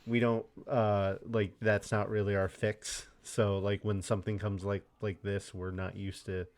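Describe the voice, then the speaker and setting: Male co-host, somewhat low voice, relaxed and halting casual chat. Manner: laid-back, halting, leans on filler words. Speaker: podcast co-host.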